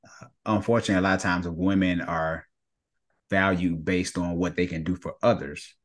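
A man hosting a podcast interview, speaking in a soft, affirming way to his guest. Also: sits low, steady tone, moderate pace. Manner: affirming, soft-spoken backchannels. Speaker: podcast host and marriage coach.

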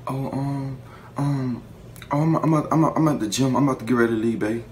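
A man voicing a young woman who stammers and sounds soft and hesitant. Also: rumbling low, steady tone, fairly quick, a little hiss or hum, voice pushed up. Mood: flustered. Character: young woman, flustered and evasive on a phone call.

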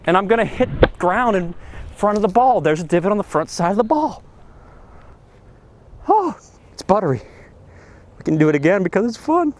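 A man giving an energetic golf lesson on a practice range, talking with excitable enthusiasm and breaking into exclamations. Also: sits high, fast talker, a little hiss or hum. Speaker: golf instructor.

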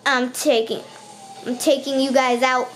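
Her high, slightly bright voice comes in a flat, a little slow delivery over faint background music. As a gaming channel host commentating a let's play, she often panics and repeats words in bursts while answering the enemies.

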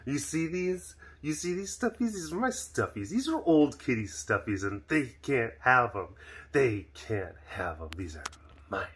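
A man's voice: mid-range voice, big pitch swings, unhurried, a bit bright, a little hiss or hum. A man voicing a proud, possessive old female leopard who complains indignantly. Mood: sulky.

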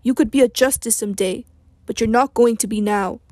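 A woman's voice: fairly high pitch, brisk, darkish tone, dry recording, clean studio sound, close to an everyday voice. A woman voicing an older man, an earnest and disappointed mentor who presses with questions, in an audiobook reading.

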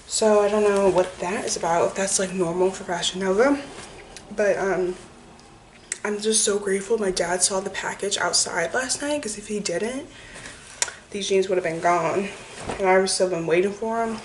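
Young woman vlogger, casual and chatty, mid pitch; roomy echo, distant camera mic, noisy. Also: normal speed. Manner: chatty, lots of "like" fillers. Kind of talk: casual vlog chat. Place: bathroom at home. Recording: echoey room, mic far off, noisy.

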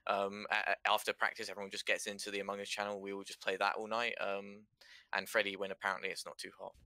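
A man speaking earnestly in a casual interview, his tone staying level and flat. His voice is fairly low but bright and forceful. The sound is dry and close. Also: fast talker, no room sound. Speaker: esports team player.

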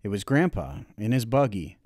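A man narrating a novel chapter for an audiobook, reading in a measured, expressive storytelling way. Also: on the low side, no room sound, studio quality.

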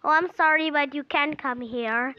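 A woman's voice: high voice, normal speed, no room sound, dull audio, lightly acted. A woman doing a teasing, pushy shop seller.

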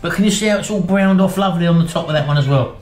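A man's voice: sits high, very fast, a little mellow, reverberant, faint music behind. A British man in a casual home cooking vlog, eating on camera and praising the dish in playful, theatrical terms. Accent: British English. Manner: playful, theatrical food praise, calls wife baby. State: eating while talking. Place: home kitchen. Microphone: camera on tripod.

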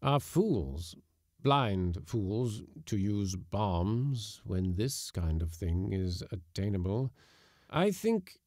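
A man's voice: on the low side, very animated, extremely slow, a little mellow, no room sound, studio quality, full character voice. A man voicing a pale, scornful anarchist visitor in a Victorian tale.

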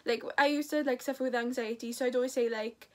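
A young Welsh woman talks straight to her camera in a loose, chatty way, filling her sentences with "like." Her voice sits high and bright for a woman, and she strings her stories together casually. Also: fairly even intonation, fast. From Wales. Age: late teens. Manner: chatty, says "like" a lot. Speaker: vlogger.

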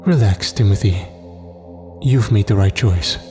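A man voicing a cold, arrogant young male god who speaks in a calm, taunting way in a horror story. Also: fairly low pitch, measured pace, music in the background, lightly acted. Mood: calm menacing.

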